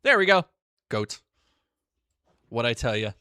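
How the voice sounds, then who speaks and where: Animated, profane live streamer. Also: mid-range voice, measured pace, clean tone, dry recording, clean studio sound. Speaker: streamer reacting to videos. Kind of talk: casual live-stream commentary.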